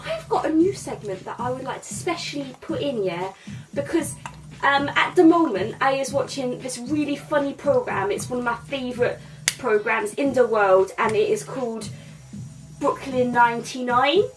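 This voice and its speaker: A woman's voice: high-pitched, moderate pace, far from the mic, music in the background, close to an everyday voice. A woman playing Bobby, a crude cocky lad. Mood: crude rambling. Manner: rambling, crude, keeps tagging "yeah?" and "mate". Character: cocky young male London lad, crude and boastful. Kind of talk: character comedy podcast. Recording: voice a bit off-mic.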